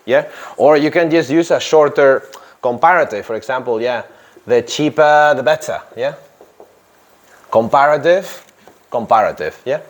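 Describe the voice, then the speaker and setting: A man teaches an English grammar lesson to a class, repeating phrases and asking "yeah?" after nearly every point. He has a medium-pitched voice and speaks at normal speed.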